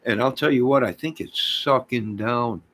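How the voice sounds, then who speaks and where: A man's voice: medium pitch, normal speed, fairly bright tone. A man chatting casually on his small vlog channel, rambling in a folksy, loose way.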